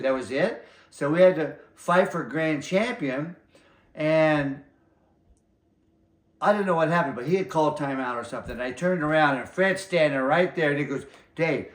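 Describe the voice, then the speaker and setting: Rambling older man in an echoey room. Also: fairly high pitch. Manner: rambling, acts out other people's lines. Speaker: martial arts master being interviewed. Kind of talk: casual anecdotal storytelling. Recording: roomy echo.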